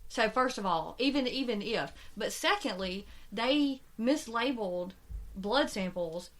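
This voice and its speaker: Animated swearing woman podcaster. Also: fairly high pitch. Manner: animated, swears freely, quick rambling retelling. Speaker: podcast co-host. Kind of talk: casual true-crime chat.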